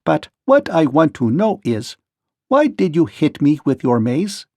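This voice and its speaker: A man voicing a calm, literal clockwork man in a storybook read-aloud, with a gruff voice and a slow, measured, mechanical delivery. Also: on the high side, dry recording, heavily acted.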